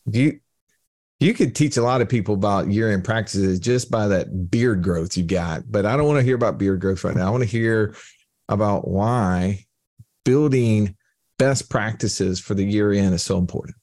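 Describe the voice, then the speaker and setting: A man's voice: fairly low pitch, normal speed, darkish tone. Playful Texan man hosting a panel. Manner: playful, hyping up guests with nicknames. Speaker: podcast host. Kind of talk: casual panel discussion.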